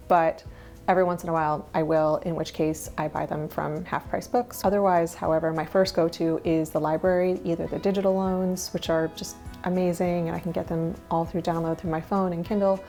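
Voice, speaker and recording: A thirtysomething minimalist lifestyle vlogger speaks in a lowish, somewhat mellow voice. She runs through her minimalist habits in a chatty, candid way, with small laughs and asides.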